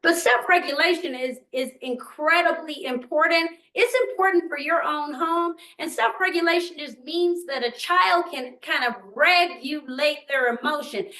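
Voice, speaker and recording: An older woman presenting a workshop to parents, animated and asking the room questions. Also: high-pitched, normal speed, few pauses, reverberant, poor audio. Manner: animated, asks the audience questions, acts out quotes. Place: meeting room.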